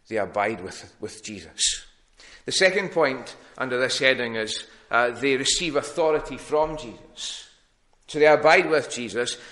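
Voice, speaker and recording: A man's voice: medium pitch, bright, forceful tone. A middle-aged man, a pastor, preaching an earnest, plain-spoken sermon with frequent restarts.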